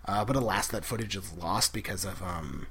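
A man's voice: low voice, normal speed, fairly bright tone, slightly rough. A man co-hosting a podcast, recapping an episode in casual chat, enthusiastic and giggly with lots of fillers. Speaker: podcast co-host.

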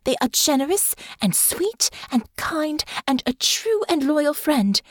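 A proud young noblewoman, played by a woman narrator, her voice climbing high and swinging widely. She speaks sharp and bitter in a storybook reading. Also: big pitch swings, measured pace, dry recording, studio quality. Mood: indignant.

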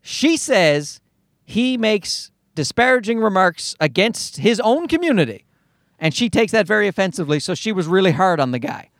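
A comedian from Newfoundland with a Newfoundland accent, rambling through a profane, self-mocking solo podcast monologue. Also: male voice, sits high, sing-song, normal speed, fairly bright tone, dry recording, clean studio sound.

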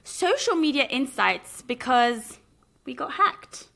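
A woman co-hosts a casual live fashion show. She talks in a high voice. The voice is bright, and she is quick to share strong opinions. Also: sing-song, gravelly. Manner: chatty and opinionated, quick laughs. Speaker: co-host.

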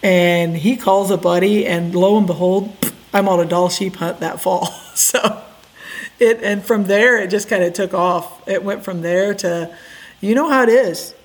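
A middle-aged woman from Indiana, a podcast guest, telling her story in a casual, animated way and acting out the quotes. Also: medium pitch, unhurried. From Indiana, USA.

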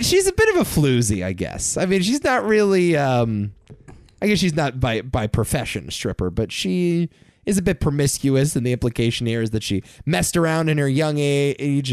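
A man co-hosting a casual movie-review podcast, talking in an animated way, laughing often and throwing in mock-dramatic asides. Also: mid-range voice, no echo, studio quality. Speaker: podcast co-host.

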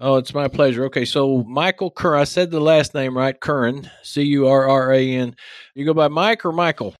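A man's voice: mid-range voice, fairly even intonation, moderate pace, no echo. A man with an East Texas accent hosting a podcast interview in a folksy, upbeat, chatty way. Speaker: podcast host.

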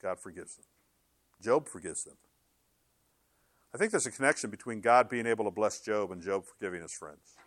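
A middle-aged male pastor preaching a sermon in an animated, conversational way, slipping into sarcastic quoted asides. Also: on the low side, normal speed, pauses often, no echo.

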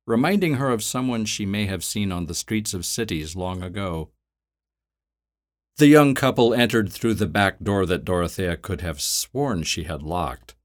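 A man with a very deep, low voice reads a scripted story aloud. His delivery is measured and steady, in the manner of an audiobook narrator.

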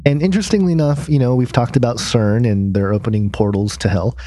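A man co-hosting a casual podcast, sharing news items in a chatty, easygoing way. His voice is mellow and dark in tone. He laughs easily along with his co-host. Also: mid-range voice, fast talker.

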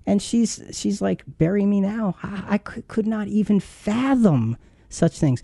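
A man's voice: high-pitched, animated, a little slow, vocal fry, mellow, no echo. A man in his fifties hosting a Bible teaching show, telling a painful story in a heartfelt, earnest way. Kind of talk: earnest devotional talk.

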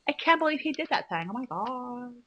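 A woman's voice: fairly high pitch, very animated, fairly quick, highs cut off. A woman voicing a ditzy, vain young valley girl who whines and says "like" a lot. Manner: airy, whiny, full of "like" and "oh my God".

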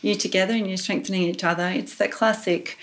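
A woman's voice: medium pitch, steady tone, a little fast, rough recording. A woman interviewing a couple about faith, affirming and encouraging, often answering with short responses.

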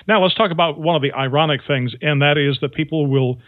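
A man's voice: fairly high pitch, quick pace, no echo. A man interviewing a guest on the radio, setting up his questions at length in a conversational way. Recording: phone-like narrow band, dry.

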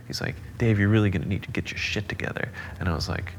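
A man, a drummer, telling animated stories with laughter in a casual interview. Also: lowish voice, quick pace, gravelly, hardly any pauses, slight background noise. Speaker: guest drummer.

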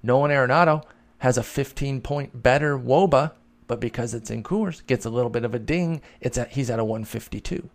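A man's voice: medium pitch, fairly quick. A man hosting a podcast, answering listener questions in a chatty, analytical way and thinking aloud with fillers. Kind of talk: casual chat.

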